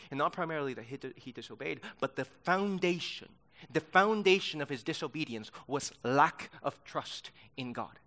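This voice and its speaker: A man's voice: mid-range voice, a bit bright. A man teaching a sermon-style Bible lesson to young people, emphatic and insistent, repeating key words for force.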